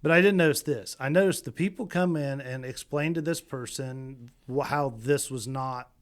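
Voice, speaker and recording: A man's voice: medium pitch, moderate pace. A man co-hosting a casual local podcast, blunt and teasing, often restarting his sentences. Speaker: podcast co-host.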